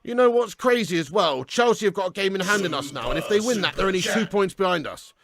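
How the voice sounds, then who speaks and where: A young Englishman rants furiously into the camera, swearing constantly and breaking into shouts. His voice sits very high and strained, with a gravelly, crackling edge and a bright, sharp tone. The sound is dry and close. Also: lively intonation, quick pace, dry recording. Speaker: fan reaction host. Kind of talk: ranting reaction video.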